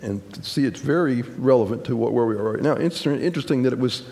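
Gravelly-voiced pastor preaching in a reverberant hall. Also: male voice, medium pitch, mellow. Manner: folksy, halting, with many fillers and restarts. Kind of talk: sermon. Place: church sanctuary. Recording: long church hall reverb with congregation.

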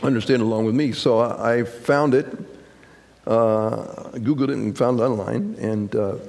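A man preaching a sermon as pastor, talking in a folksy, halting way with fillers and restarts, to a congregation. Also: mid-range voice, creaky, a little mellow. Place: church sanctuary. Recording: long church hall reverb with congregation.

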